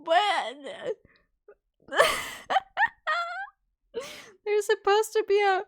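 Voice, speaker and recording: A woman's voice: very high voice, animated, very slow. A young woman live-streaming in casual chat, teasing her friends playfully and swearing freely.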